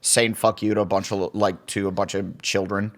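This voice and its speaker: A man's voice: low-pitched, flat delivery, moderate pace. A middle-aged man co-hosting a podcast, telling a long, profane anecdote in casual chat and acting out the quotes. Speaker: podcast co-host.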